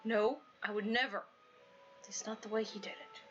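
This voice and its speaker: A woman voicing a cool, serious young man in a visual novel, speaking low, quiet and measured. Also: steady tone, lightly acted. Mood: calm. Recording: dull lo-fi audio, faint music.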